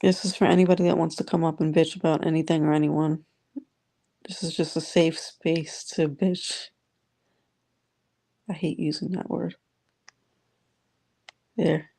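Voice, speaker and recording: A woman's voice: low-pitched, level tone, measured pace, gravelly, pauses often, mellow. A woman hosting a casual live audio chat, greeting listeners by name and reading their comments aloud. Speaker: live audio room host.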